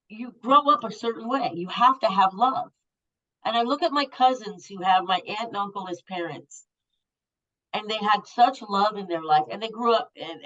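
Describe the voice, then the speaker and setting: A woman's voice: on the low side, fairly bright tone. Blunt, swearing woman in her fifties. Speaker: guest. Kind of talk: candid storytelling. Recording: muffled lo-fi audio.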